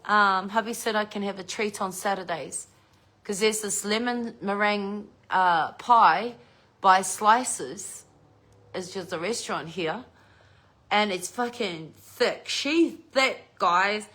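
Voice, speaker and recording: A woman's voice: medium pitch, slow pace, fairly bright tone. A middle-aged woman with an Australian accent, telling a home story to her viewers in a chatty way and swearing freely. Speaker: vlogger.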